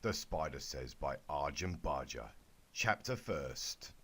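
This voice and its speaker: A young man reads a clumsy fan story in a mock-serious deadpan, stumbling and restarting as he goes. His delivery is slow, and his pitch swings widely. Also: breathy edge. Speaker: YouTuber reading fanfic aloud. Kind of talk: mock-serious comedic reading.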